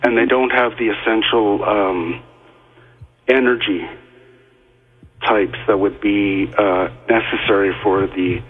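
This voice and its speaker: A man talking as a guest on a call-in radio show, halting and full of fillers and restarts, heard over a phone line. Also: lowish voice, steady tone, husky.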